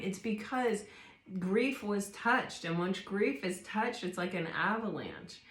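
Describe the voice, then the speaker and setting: A woman's voice: mid-range voice, big pitch swings, slow pace, fairly bright tone. A woman doing a casual spoken tarot reading, reflective and rambling, often restarting her sentences. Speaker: tarot reader. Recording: roomy echo.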